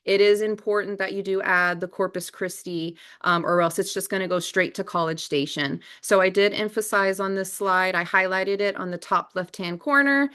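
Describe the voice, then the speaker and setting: A woman's voice: medium pitch, normal speed, few pauses, pushed and bright, clean tone. A woman, an assistant director presenting an informational webinar over a video call, friendly and emphatic with frequent fillers.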